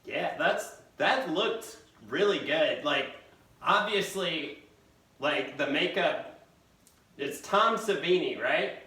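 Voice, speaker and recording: A man interviewing a guest in quick, informal speech full of fillers. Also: a little high, animated, bright, forceful tone. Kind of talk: casual interview questions. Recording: roomy echo, distant from the mic.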